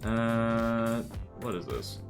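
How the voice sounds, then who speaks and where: A man's voice: medium pitch, sing-song, very slow, gravelly, music in the background. A man streaming a game live, chatting casually in a rambling, self-mocking and jokey way. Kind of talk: casual live-stream chat while playing.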